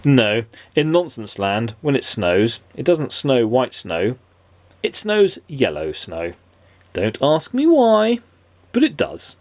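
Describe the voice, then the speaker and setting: Animated gravelly dad reading a storybook. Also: male voice, mid-range voice, slow, no room sound. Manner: animated, playful asides to a child listener. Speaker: parent reading aloud. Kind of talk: storybook read-aloud.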